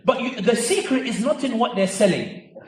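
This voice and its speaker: A man giving an animated, joking public speech to a live audience, with emphatic stretches. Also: very high-pitched, normal speed. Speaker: guest speaker. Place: large convention centre hall. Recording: echoey hall, voice picked up from far off.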